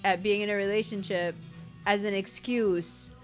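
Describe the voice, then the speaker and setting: A woman's voice: mid-range voice, fairly even intonation, moderate pace, faint music behind, close to an everyday voice. A woman acting out a furious woman who leaves a cutting, profane, sarcastic voice note for a cheating lover. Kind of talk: acted voice-note rant.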